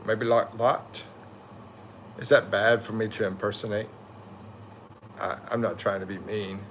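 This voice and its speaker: A man with a fairly low, fairly bright voice speaks at normal speed with fairly even intonation, and there's slight background noise. The tired middle-aged US livestream host reads viewer comments in casual chat, rambling and self-correcting in loose slang.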